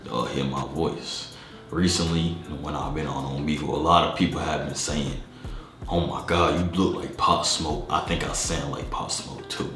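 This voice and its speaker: A young man vlogger putting on a very deep, dark voice while he chats with strangers on video calls in laid-back slang. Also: fairly even intonation, normal speed, roomy sound, over music. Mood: smooth. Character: super deep-voiced version of himself, a cool young man. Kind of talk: video chat prank.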